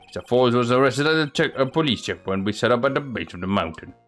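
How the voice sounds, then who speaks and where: A man's voice: medium pitch, animated, fast talker, fairly bright tone, faint music behind, close to an everyday voice. A man voicing an eager young male police detective who reports dutifully and keeps saying sir. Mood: earnest. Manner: earnest, dutiful, says "sir" often.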